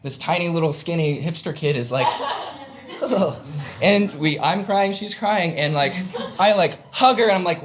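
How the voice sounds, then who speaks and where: Speaking at normal speed in a slightly high voice, a young man shares a personal story before a live audience. It's a rambling, filler-packed telling full of self-mocking humor.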